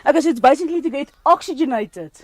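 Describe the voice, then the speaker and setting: A woman's voice: sits high, lively intonation, rapid-fire, dry recording. A woman teaching a first-aid class, quizzing her student and joking with frequent laughter. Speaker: CPR instructor.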